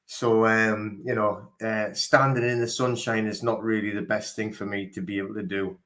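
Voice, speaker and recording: A man hosting a casual livestream, talking in a halting, rambling way with many fillers, emotional and grieving. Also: on the low side, little pitch movement, fairly bright tone. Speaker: livestream host. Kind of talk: casual live-stream chat.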